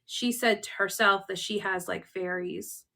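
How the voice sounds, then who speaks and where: A Canadian woman co-hosts a podcast and tells a story in relaxed chat. Her voice is bright and ringing. She acts out quoted lines with lots of laughter. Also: mid-range voice, unhurried, gravelly, a little hiss or hum. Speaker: podcast co-host.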